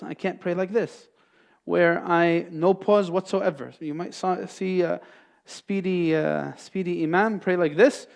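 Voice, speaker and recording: High-voiced man teaching in a lecture. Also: creaky. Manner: explanatory, asks and answers his own questions. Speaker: Islamic teacher. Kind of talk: classroom lecture. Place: mosque classroom.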